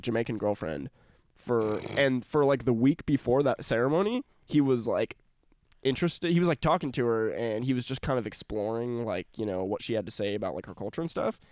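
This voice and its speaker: A man's voice: mid-range voice, lively intonation, a little fast, a little mellow, dry recording, studio quality. Rambling young guy on a podcast. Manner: rambling, heavy on filler words, laughs often. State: slight cough from a cold. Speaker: podcast co-host. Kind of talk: casual chat.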